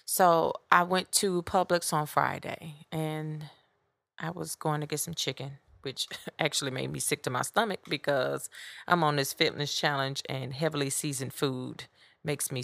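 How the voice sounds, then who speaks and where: A woman hosting a podcast, telling a story in a blunt, animated way. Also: sits low, creaky, no room sound. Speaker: podcast host. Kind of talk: casual storytelling monologue.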